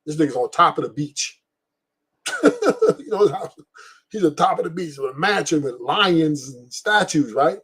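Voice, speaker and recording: A man's voice: fairly high pitch, lively intonation, moderate pace, long pauses, fairly bright tone, slightly rough. A middle-aged man hosting a stream, talking bluntly and profanely in a rambling, casual way and laughing often. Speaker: podcast host. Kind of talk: casual opinion talk on a live stream.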